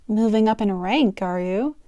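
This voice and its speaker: Woman doing a honey-smooth sly vixen. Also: mid-range voice, normal speed, dark tone, dry recording, lo-fi sound, close to an everyday voice. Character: sweet-talking sly female fox.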